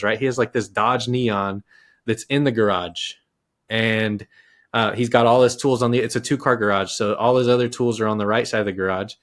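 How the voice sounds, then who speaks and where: A podcast guest in his thirties from Texas tells a childhood story, lively and casual, often restarting his sentences. His voice is mid-range.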